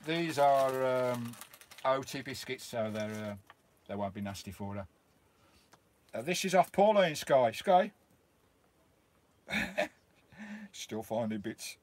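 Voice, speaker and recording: A man's voice: mid-range voice, expressive, slow, long pauses. A middle-aged British man hosting a casual live stream outdoors by his campervan, greeting viewers by name and chatting with them in a friendly way.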